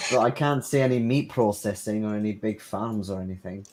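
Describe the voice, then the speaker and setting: A man's voice: on the low side, moderate pace. A British man playing a tabletop game, blunt and sweary in casual chat. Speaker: player.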